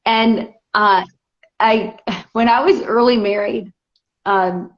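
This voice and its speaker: A woman's voice: a little high, slow. A middle-aged woman, a guest author, telling a personal story in casual conversation and acting out what people said. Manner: animated storyteller, acts out quotes. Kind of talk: casual interview chat. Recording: dull lo-fi audio.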